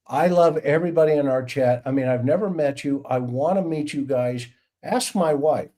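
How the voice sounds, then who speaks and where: A man's voice: a little high, moderate pace, warm tone. A middle-aged man hosting a livestream panel chat, telling stories with enthusiasm and emphasis over a video call. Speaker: host.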